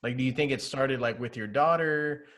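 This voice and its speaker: A man's voice: mid-range voice, normal speed, fairly bright tone. Laid-back young man hosting a podcast. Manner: laid-back, many fillers, laughs through stories. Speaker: podcast host. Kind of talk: casual interview chat.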